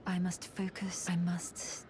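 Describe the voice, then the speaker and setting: A woman voicing a solemn, lonely woman preparing to depart, speaking in a hushed, resolute manner as whispered role-play. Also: fairly low pitch, completely flat delivery, slow. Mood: somber.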